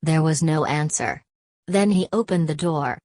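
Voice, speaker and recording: A woman narrating an audiobook of a classic novel in a steady, measured reading. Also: low voice, no room sound. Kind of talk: scripted narration.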